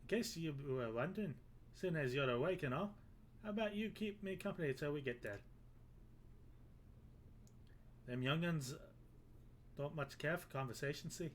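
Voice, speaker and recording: A man's voice: on the high side, lively intonation, fairly quick, a little hiss or hum, lightly acted. A man putting on a folksy Irish sailor peddler. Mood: friendly. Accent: exaggerated put-on Irish. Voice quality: folksy rustic talk. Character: bearded adult male sailor peddler, chatty. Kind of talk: reading game dialogue aloud.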